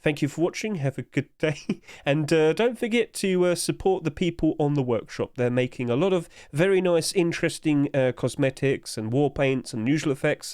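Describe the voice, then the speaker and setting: A man's voice: on the high side, brisk, a little mellow, dry recording. Rambling young man on a dry desk mic. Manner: rambling, breaks into laughter. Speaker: YouTuber giving trading tips. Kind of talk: casual screen-recorded tutorial.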